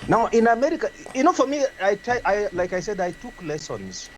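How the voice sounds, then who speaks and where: A man's voice: sits high, very animated, fairly quick, slight background noise, rough recording. A man talking as a guest in a casual discussion, rambling and stumbling as he searches for his words. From Uganda. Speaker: guest speaker.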